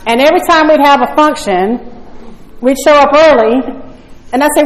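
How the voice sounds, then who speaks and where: A woman's voice: high-pitched, moderate pace, pauses often. A woman telling her personal story at a recovery meeting, blunt and conversational, often asking "right?". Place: meeting room. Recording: echoey room.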